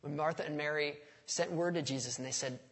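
Preaching in a voice on the high side with a fairly bright tone, this pastor moves a little fast. He addresses the congregation conversationally and often asks them questions, in a recording with a large hall's long reverb.

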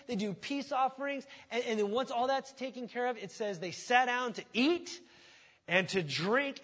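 A male pastor preaching a sermon with a high-pitched voice. He tells the story in an animated way, jumping from loud bursts to quiet, hushed stretches.

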